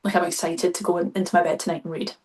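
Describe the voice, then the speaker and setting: A woman's voice: on the low side, little pitch movement, racing, darkish tone. A stage performer, a woman, chatting as a podcast guest, gushing and enthusiastic with many fillers. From Scotland. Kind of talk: casual podcast chat.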